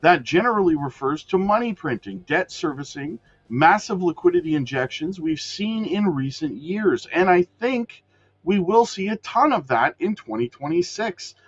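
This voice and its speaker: A man's voice: high voice, expressive, normal speed, slightly rough, highs cut off. A man hosting a crypto news show, reading the news aloud and breaking off into casual asides to viewers, often correcting himself. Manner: addresses viewers as guys, frequent self-corrections.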